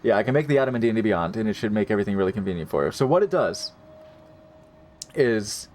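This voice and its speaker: Laid-back low-voiced man as game master. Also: expressive, fast, darkish tone, a little hiss or hum. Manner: rambling, laid-back, full of fillers. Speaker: dungeon master. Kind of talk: running a live tabletop game.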